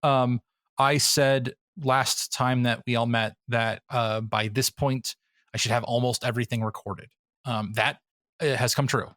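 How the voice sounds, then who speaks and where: A man's voice: medium pitch, steady tone, measured pace, a bit bright, dry recording, studio quality. A man hosting a podcast in casual chat, rambling with many fillers and frequent laughs. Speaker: podcast host.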